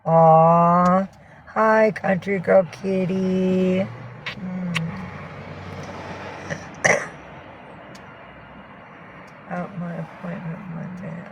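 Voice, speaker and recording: A woman with a fairly low voice hosts a casual home livestream, rambling and swearing while greeting viewers and coaxing her cats. The recording is rough, with slight background noise.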